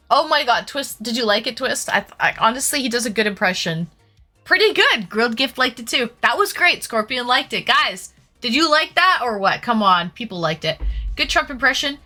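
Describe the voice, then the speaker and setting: Giggly young woman streamer, bright higher voice, lots of "like"s, faint music behind. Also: animated, normal speed. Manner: giggly, filler-heavy, reads chat aloud. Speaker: streamer host. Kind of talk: casual live-stream chat.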